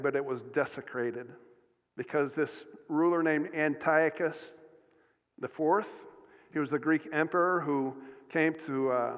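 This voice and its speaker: A man preaching a sermon as pastor, earnest, often restarting and filling pauses with "uh" and "um". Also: on the high side. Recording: dull sound with long hall reverb.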